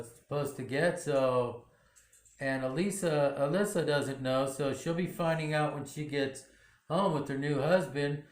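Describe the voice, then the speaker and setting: A man casually recapping a TV drama episode in a rambling way, full of "you know" fillers. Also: on the high side. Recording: roomy echo.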